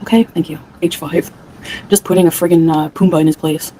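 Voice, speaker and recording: Woman streamer, heated profane rant, low pitch, warm mellow tone. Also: steady tone, brisk, slight background noise, rough recording. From Canada. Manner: profane, heated, talks back to chat. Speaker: livestreamer. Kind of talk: angry livestream rant.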